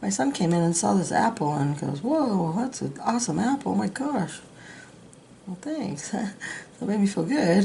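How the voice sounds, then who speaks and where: A woman's voice: medium pitch, gravelly, a little hiss or hum. A middle-aged woman hosting a casual real-time drawing tutorial from a home studio, chatty and self-deprecating as she talks while she works. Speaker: art tutorial host.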